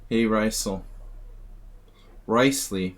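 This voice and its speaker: A man with a slightly low voice runs a live chess stream. He answers viewers' chat in a dry, offhand manner while thinking through moves, and his pace runs quick. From United States.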